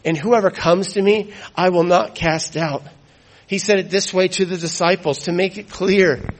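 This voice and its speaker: A man preaching a sermon, emphatic, repeating key phrases and dropping to hushed tones for weight. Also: high-pitched, steady tone, normal speed, low-quality recording.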